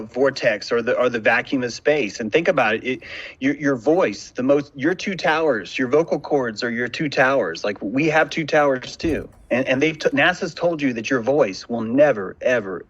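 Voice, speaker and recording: A man's voice: mid-range voice, a bit bright, slightly rough, muffled recording. A man hosting a casual podcast conversation, talking in intense, philosophical monologues from a home room. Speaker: podcast host.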